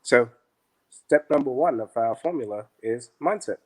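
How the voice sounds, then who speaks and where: Man, middle-aged, podcast guest, lively storytelling, quotes dialogue, mid pitch. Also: moderate pace. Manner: animated, acts out dialogue in quotes. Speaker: interview guest, business founder. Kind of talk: conversational storytelling.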